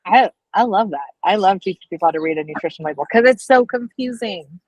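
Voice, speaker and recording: Expressive and fast, this mid-range female voice belongs to a dietetics student co-hosting a casual live stream. Her stories wander chattily, crowded with fillers, "like"s, and restarts. The recording is dry, with the highs cut off.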